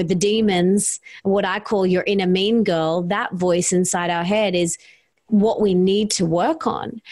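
A woman with a voice of middle pitch talks as a podcast guest. She tells a personal story in easy conversation. Her delivery is lively, and she acts out her own past dialogue as she goes.

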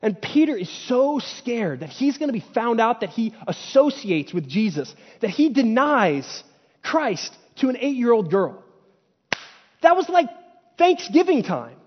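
A male preacher with a high voice gives a casual, conversational sermon from a church stage, slipping into paraphrased dialogue. The sound is dull and lo-fi, with a long hall reverb. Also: very animated, unhurried, breathy edge.

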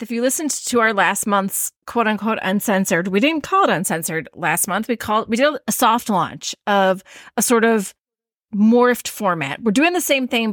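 A woman's voice: mid-range voice, a bit bright, no echo, studio quality. A woman with a Midwestern American accent, co-hosting a podcast in casual, rambling chat full of fillers. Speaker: podcast co-host.

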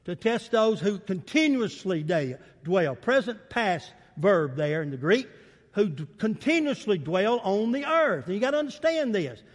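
A man's voice: high-pitched, big pitch swings, measured pace, long reverb tail. A man preaching a sermon in a church, calling for amens and acting out the quotes he reads. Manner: emphatic preaching with call-and-response, acts out quotes. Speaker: pastor. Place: church sanctuary.

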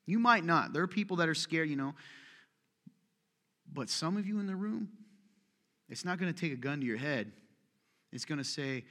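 A man's voice: on the high side, lively intonation, fairly quick, pauses often, sharp tone. A man preaching a sermon to a congregation, talking casually, cracking jokes and firing pointed questions at the room. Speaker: pastor. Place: large church hall.

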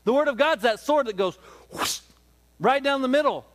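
A man's voice: very high voice, lively intonation, moderate pace, a bit bright. A male pastor preaching a sermon with emphatic repetition and rhetorical questions.

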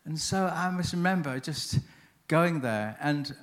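A man's voice: on the high side, animated, a little slow. A man giving a seminar on chaplaincy, telling a story in a chatty, anecdotal way, often interrupting himself. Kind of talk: conference talk with storytelling.

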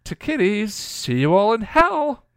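Sadistic villainess voiced by a man, raised pitch, mocking and cruel, for a fan-fiction reading. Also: wildly swooping pitch, measured pace, a bit bright, clear, resonant tone, no room sound, clean studio sound, exaggerated voice. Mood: sadistic taunting. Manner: taunting, sadistic. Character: cruel gleeful female villain goddess.

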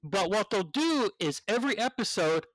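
A man hosting a casual podcast, enthusiastic and laughing easily, with some casual swearing. His voice sits a little high. The recording is dry and close. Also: lively intonation, normal speed, fairly bright tone, dry recording, rough recording. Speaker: podcast host. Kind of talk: casual chat.

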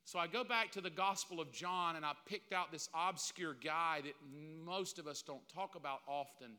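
A man's voice: on the high side, moderate pace, pushed and bright, clear, resonant tone. A man preaching a sermon, emphatic and repetitive, with casual slang mixed in. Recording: long reverb of a large hall.

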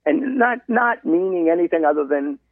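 A man's voice: sits high, normal speed, no room sound. A man around seventy from Massachusetts, a marathon runner and guest, telling his story in an interview and acting out his dialogue with other people. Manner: animated storyteller who quotes people in dialogue. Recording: dry, phone-like line.

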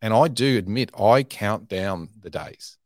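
A man speaks in a very low voice, caught dry and close to the mic. He chats candidly as a podcast guest, self-deprecating and often restarting his sentences. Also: lively intonation, a little slow, dry recording. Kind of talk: candid conversational storytelling.

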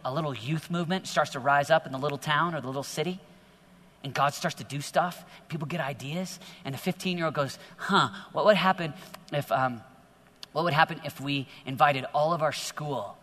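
A middle-aged man preaching to teenagers in a large hall, energetic and exhorting, often growing animated. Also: on the high side. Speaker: youth speaker. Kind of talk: sermon to teenagers. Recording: long hall reverb.

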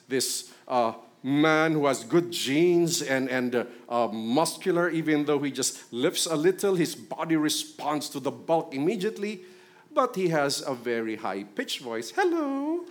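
A middle-aged man with a Filipino accent, preaching a sermon in a conversational way and putting questions to his congregation. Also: mid-range voice. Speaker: pastor.

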